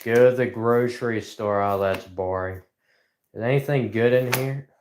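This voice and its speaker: A man rambling sarcastically on a livestream from inside a house, joking in deadpan asides. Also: mid-range voice, moderate pace, background noise. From rural United States. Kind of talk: rambling comedic livestream chat. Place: indoors in a house.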